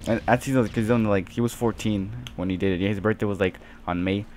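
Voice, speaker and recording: A man's voice: lowish voice, fairly even intonation, fast talker, a little mellow, slight background noise. A teenage man telling a rambling story full of fillers over his gameplay, as host of his gaming channel. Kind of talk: casual gameplay commentary.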